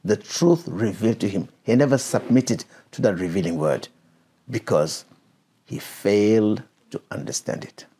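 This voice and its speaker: A man's voice: fairly low pitch, animated, normal speed, dark tone, husky. A man preaching and teaching a Bible passage, stopping the reader to explain verses and question her.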